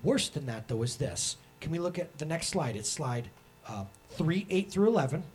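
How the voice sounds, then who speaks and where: A man in his thirties preaching a sermon as pastor, animated and acting out the voices he quotes. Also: on the high side, moderate pace, soft background music.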